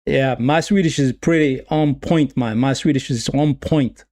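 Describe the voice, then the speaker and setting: At a measured pace and medium pitch, a man gives live football watch-along commentary. He gets excited by the play, says the same phrases repeatedly and reads chat aloud.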